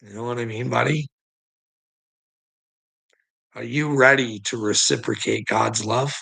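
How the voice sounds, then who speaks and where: A man's voice: medium pitch, steady tone, unhurried, creaky, pushed and bright, slightly rough, poor audio. A man hosting a live stream, ranting at his chat in a combative, profane way and needling viewers by name. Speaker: livestream host.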